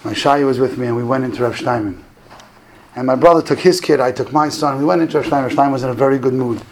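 A man delivers a Hanukkah talk to an audience, weaving stories and lessons. His voice sits in a middle register with a gravelly grain, and he lifts sharply in pitch and loudness when acting out what others said. Faint background noise sits under the recording. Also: quick pace, low-quality recording. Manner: animated storytelling, climbs high and loud for quoted lines. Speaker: rabbi giving a talk.

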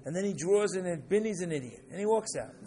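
A man teaching a class, lecturing in an animated way and often checking in with "right?" while acting out examples. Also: high voice, fast talker. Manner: animated, keeps asking "right?"; acts out examples with rising excitement.

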